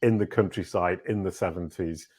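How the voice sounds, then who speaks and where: A man in his fifties from Yorkshire with a slight Yorkshire accent, a lively, self-deprecating podcast guest. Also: low voice, moderate pace. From Yorkshire, England. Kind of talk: casual interview chat.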